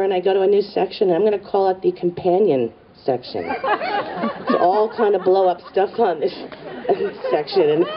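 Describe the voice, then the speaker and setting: A middle-aged woman telling a stand-up comedy story in a wry, conspiratorial way, full of asides. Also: medium pitch. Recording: distant, dull live stage recording with audience and noise. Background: audience laughter.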